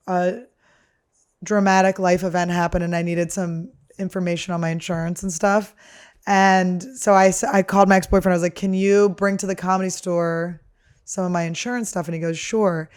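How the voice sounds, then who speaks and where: Crude, ranting woman podcast host. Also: lowish voice. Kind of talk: casual comedic monologue.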